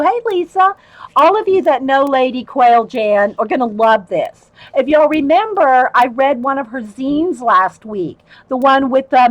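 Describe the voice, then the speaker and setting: A woman's voice: high-pitched, dry recording, low-quality recording. A woman hosting a casual livestream, chatting with viewers, laughing often and reading letters aloud.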